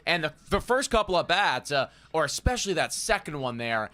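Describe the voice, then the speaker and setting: Bright-voiced earnest male co-host. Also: on the high side, very animated, fairly quick. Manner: earnest, repeats stock phrases, many fillers. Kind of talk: casual sports chat.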